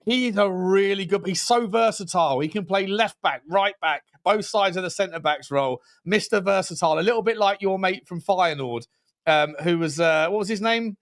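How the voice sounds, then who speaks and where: A man co-hosting a football podcast, talking excitedly in casual slangy chat, rambling and cutting himself off mid-sentence. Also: sits high, normal speed. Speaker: podcast co-host.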